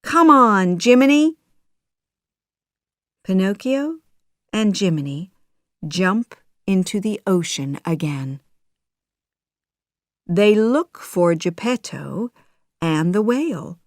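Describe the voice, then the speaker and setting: A woman narrating a children's audiobook in a slow, clear storytelling manner. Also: fairly low pitch, lively intonation, darkish tone, dry recording, clean studio sound.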